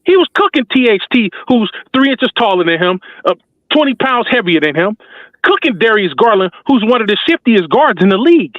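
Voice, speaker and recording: A man's voice: sits high, very animated, a little fast, no echo. A man giving passionate, slangy basketball fan commentary as a talk show host, emphatic and repetitive like a preacher. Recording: tinny phone-like dry sound.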